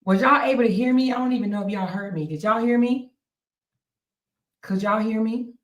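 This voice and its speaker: A woman's voice: a little high, normal speed. A woman hosting a casual live stream, chatting straight to viewers and laughing often. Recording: echoey room.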